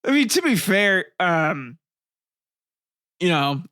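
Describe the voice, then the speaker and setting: Man, podcast host, comedic history reading, laughs a lot, swears, slightly high voice, dry close sound. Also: big pitch swings, takes it slowly, bright, forceful tone, dry recording. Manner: laughs often, swears, rambling asides.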